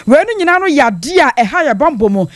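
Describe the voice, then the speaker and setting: A radio news reporter delivering a steady, narrative report. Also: sits high, brisk, dry recording.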